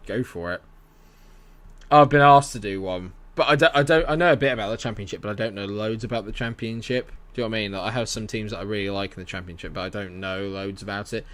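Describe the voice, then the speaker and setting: A young gaming streamer with a lowish, fairly bright voice talks fast while commentating on his management game live. Chatty and friendly, he rambles, reading viewers' chat aloud and answering it.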